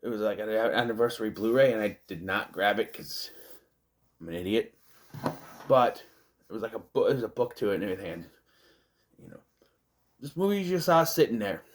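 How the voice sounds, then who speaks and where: A man's voice: lowish voice, expressive, fairly quick, pauses often. A man, casually reviewing a movie in a rambling, chatty way, with self-deprecating asides. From United States.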